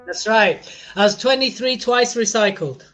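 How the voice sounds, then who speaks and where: A man co-hosting a podcast, telling stories in an animated, teasing manner. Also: sits high, normal speed, over loud music. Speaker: podcast co-host. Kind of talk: casual chat.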